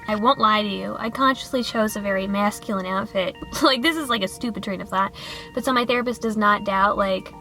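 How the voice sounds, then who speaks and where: Bubbly, rambling vlogger woman, bright voice. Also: mid-range voice. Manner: bubbly and rambling, with frequent laughs and restarts. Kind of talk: casual chatty vlog.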